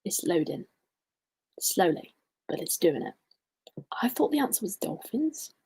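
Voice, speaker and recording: A woman's voice: on the low side, very animated, unhurried, warm tone, husky. A young woman hosting a casual livestream quiz, chatty and giggly with self-deprecating asides. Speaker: quiz host.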